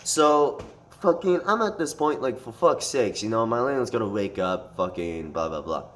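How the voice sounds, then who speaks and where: A man whose voice sits on the low side describes a fight in a loose storytime monologue, moving at a moderate pace. He curses almost constantly and keeps looping back with fillers and restarts, animated and profane throughout.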